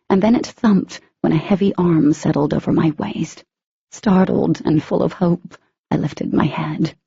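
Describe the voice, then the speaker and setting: A woman narrates a romance audiobook in the first person, her voice husky and edged with gravel. She lets the heroine's emotion show through. The recording is dull, muffled and very dry. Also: fairly low pitch, warm tone, no echo.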